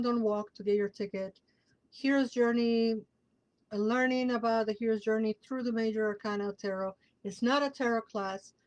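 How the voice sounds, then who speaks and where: A woman's voice: fairly high pitch, low-quality recording. A woman hosting a casual live tarot reading, emphatic and emotional, repeating key words for stress and laughing between lines. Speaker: tarot reader and show host.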